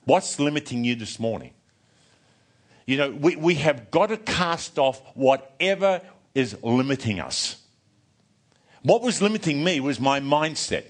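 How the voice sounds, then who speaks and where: An older man preaching a sermon, telling a personal story in an animated way, often restarting and repeating words. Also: on the high side, unhurried.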